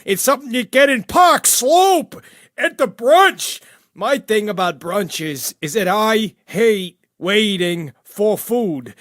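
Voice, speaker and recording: A rambling jailed older killer, as a man puts him on, nattering about heaven and gossip. His voice sits high for a man and swings into sudden outbursts. The sound is dry and close, with no room in it. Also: animated, slow, fairly bright tone, no room sound, heavily acted. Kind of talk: comedic character monologue.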